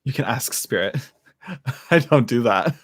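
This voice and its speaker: A man's voice: medium pitch, expressive, measured pace, husky, no echo, clean studio sound. Chatty man doing live tarot readings. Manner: chatty, laughs often, many fillers and restarts. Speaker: tarot reader hosting a live stream. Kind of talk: casual live-stream chat.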